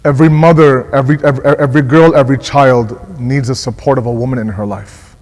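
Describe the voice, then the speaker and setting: A male religious scholar giving a mournful sermon, impassioned, repeating words and slowing down for emphasis. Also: mid-range voice, steady tone, darkish tone, in a large hall, poor audio. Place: mosque hall.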